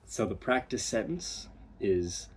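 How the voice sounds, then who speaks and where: American man, accent coach, slow and deliberate, breathy low voice, repeats example words. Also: very animated. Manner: demonstrates words by repeating them. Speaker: dialect coach. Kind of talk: accent lesson.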